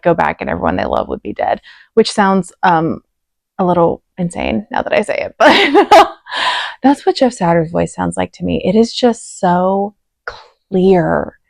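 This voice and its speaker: A woman's voice: fairly low pitch, gravelly, a little mellow, dry recording. A woman hosting a reaction video, talking casually and emotionally with lots of "like" fillers, close to the mic. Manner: chatty, gushing, many "like" fillers. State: emotional, choked up.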